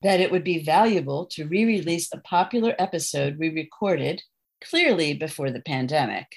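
A woman psychologist co-hosts a podcast in a low, measured voice. Her scripted intro sounds earnest. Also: slightly rough.

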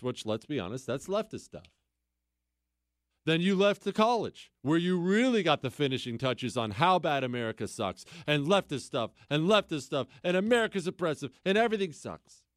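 A man's voice: a little high, sing-song, normal speed, no echo, studio quality. A man hosting a talk radio show, delivering a sarcastic political commentary monologue with mocking repetition and incredulous outbursts.

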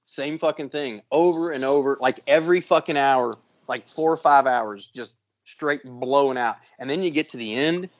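A man hosting a podcast, telling a long story in a casual, profane, animated way. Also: medium pitch, moderate pace, hardly any pauses, muffled recording. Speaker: podcast host.

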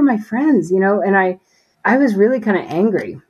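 Woman, interview guest, earnest faith testimony, mid-pitched, chatty with fillers. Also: animated, moderate pace, warm tone, husky, highs cut off. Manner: earnest, conversational, many fillers.

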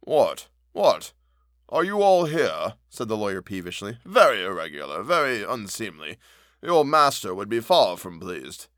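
A man voicing a stern, peevish male lawyer in a storybook reading, speaking slowly and carefully. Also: lowish voice, big pitch swings, a bit bright, no echo, studio quality, heavily acted. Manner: peevish, measured, slow.

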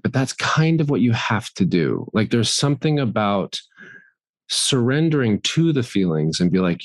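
A middle-aged man talking candidly as an interview guest, earnest and animated, acting out his inner voice at times. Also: fairly low pitch, normal speed, no echo, studio quality. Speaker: guest actor.

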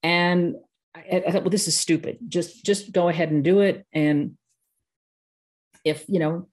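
A woman's voice: lowish voice, fairly even intonation, unhurried, darkish tone. Chatty Midwestern woman, laughing often. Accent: Midwestern American. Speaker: guest, course-creation expert. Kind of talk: casual interview chat.

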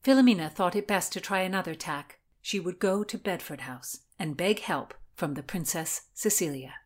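A woman narrating a historical story in an even, measured way and explaining its background as a co-host. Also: on the low side.

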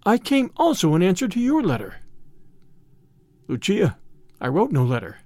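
A man's voice: high-pitched, huge pitch swings, moderate pace, a little mellow, dry recording, exaggerated voice. A man voicing a gallant young hero in his own voice, speaking in an earnest, proud way.

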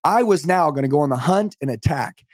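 A middle-aged man talks fast and with fervour, pressing every point like a motivational speaker. His voice is on the higher side and sounds dry and close. He is speaking as a guest over a call. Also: lively intonation, no echo. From United States. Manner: fervent, motivational, emphatic. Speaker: podcast guest, sales trainer. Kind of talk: energetic storytelling on a podcast call. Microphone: remote call.

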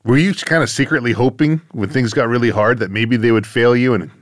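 A man's voice: medium pitch, fairly quick, dry recording, clean studio sound. A man hosting a podcast interview, asking probing questions and giving short encouraging reactions. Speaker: podcast host.

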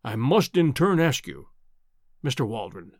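A man voicing a gruff, bearded male professor who talks in a booming bellow in an audiobook reading. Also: very animated, measured pace, no echo, studio quality. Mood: defiant. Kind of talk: audiobook character voice.

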